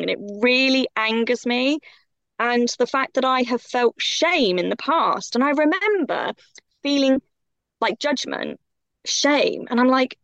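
A woman's voice: a little high, lively intonation, moderate pace, vocal fry, fairly bright tone, dry recording. A woman guest on a podcast, talking in an impassioned, emphatic way. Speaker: guest coach. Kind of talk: podcast conversation.

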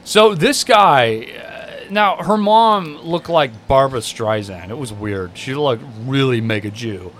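A man's voice: medium pitch, lively intonation, takes it slowly, hardly any pauses, a bit bright. A young man co-hosting a comedy podcast, telling stories in a brash, profane casual chat. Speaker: podcast co-host.

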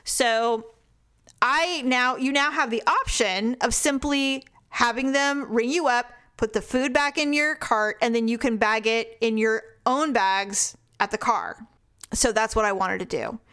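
A woman's voice: on the high side, a little slow, clean tone. A young adult woman from Northern California, co-hosting a casual chat and telling funny stories with frequent laughs. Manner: storytelling, animated, laughs often. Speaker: podcast co-host.

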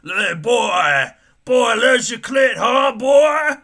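A rowdy crowd of cantina aliens jeers and hollers in high, strained shouts, as a man puts them on in a podcast bit. The voice is pushed up well above his normal pitch, bright and forceful, each taunt barked out loud. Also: sing-song, extremely slow, creaky, heavily acted. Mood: jeering.

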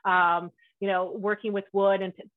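A woman's voice: mid-range voice, flat delivery, moderate pace, no room sound. A woman from rural Canada, hosting a casual podcast conversation in a candid way. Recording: tinny phone-like line.

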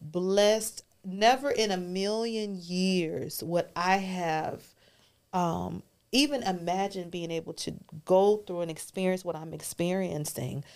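A woman's voice: fairly low pitch, slow, a little mellow. A woman guest on a podcast, telling her story earnestly and emotionally, dropping to a whisper at key moments.

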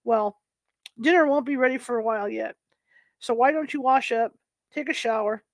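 An anxious young mother pleads in earnest, her voice sitting somewhat high, as a woman narrator reads her. The audiobook reading is close and dry, with no room sound. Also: normal speed, no room sound, close to an everyday voice. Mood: casual.

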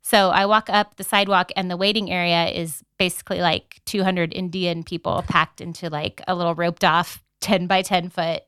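A young woman co-hosting a casual chat podcast, telling a travel story with lively acted-out reactions. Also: fairly low pitch, moderate pace, few pauses, clear, resonant tone, dry recording, studio quality. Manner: animated storyteller, acts out her own reactions. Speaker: podcast co-host.

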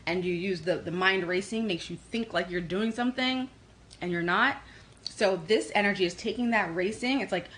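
Fast-talking New York woman reading tarot. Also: mid-range voice, low-quality recording. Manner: fast-talking, energetic, reads comments aloud. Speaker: livestream host doing tarot readings. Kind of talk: casual livestream chat.

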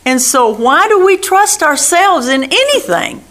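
A woman giving a radio sermon, earnest and prayerful, repeating her phrases and often dropping to a soft hush. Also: high-pitched, very animated, measured pace. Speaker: radio minister.

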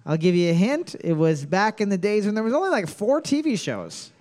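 A man's voice: high voice, big pitch swings, fairly quick, a little mellow. A man hosting a trivia quiz, reading each question twice and cracking jokes between them. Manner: reads questions twice, then jokes and laughs. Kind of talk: joking trivia quiz banter.

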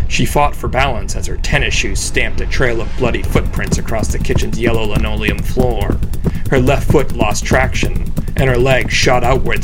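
A man reading a serialized thriller as narrator, measured and dramatic. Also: poor audio. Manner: measured, dramatic, low-key. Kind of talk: scripted audiobook narration. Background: music.

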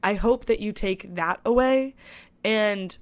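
A woman's voice: medium pitch, takes it slowly. A woman in her twenties hosting a solo podcast, chatting candidly and telling a personal story with lots of "I was like" asides. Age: 20s. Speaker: podcast host. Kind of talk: casual solo podcast monologue.

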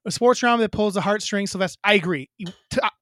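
A man's voice: high-pitched, quick pace, fairly bright tone. A man co-hosting a podcast in a casual, rambling chat, joking and swearing. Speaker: podcast co-host.

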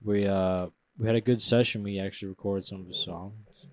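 A man's voice: on the low side, fairly even intonation, fairly quick, noisy background. A man co-hosting a podcast in casual chat, rambling and often stopping mid-thought. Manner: loose, rambling and self-interrupting. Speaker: podcast co-host.

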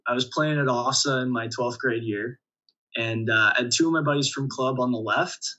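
A young man talks through his playing days in a relaxed interview, chuckling as he goes. His voice is bright and a little husky. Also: mid-range voice, normal speed, dull audio. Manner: relaxed storyteller, many restarts and chuckles. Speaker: volleyball player guest. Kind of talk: casual interview storytelling.

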